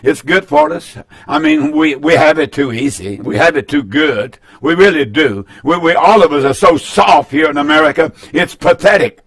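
A man's voice: fairly high pitch, expressive, moderate pace, fairly bright tone. A man, a pastor giving a broadcast sermon in a folksy, emphatic way, repeating phrases for weight. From North Carolina, US. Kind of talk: broadcast sermon with call-in announcements.

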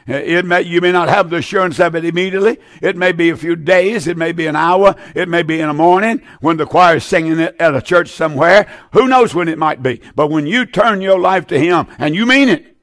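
A man's voice: on the high side, a bit bright, no echo, studio quality. An older man preaching on a call-in gospel broadcast, fervent and folksy, with many "uh" fillers. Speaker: radio preacher taking calls.

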